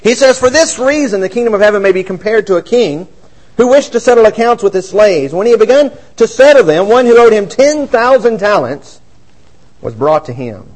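A man preaching a sermon, reading scripture aloud and explaining it, swinging between raised emphasis and quiet asides. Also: high-pitched, sing-song, fairly quick, poor audio.

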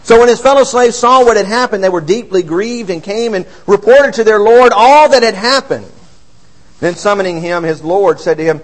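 High-voiced male preacher. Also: moderate pace, poor audio. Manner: expressive, swings between raised emphasis and quiet low asides. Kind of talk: sermon.

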